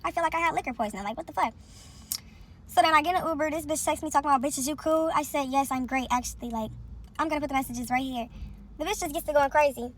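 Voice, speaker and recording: A woman's voice: high-pitched, rapid-fire, a bit bright, slight background noise. A woman telling a story in a heated, profane rant to her viewers.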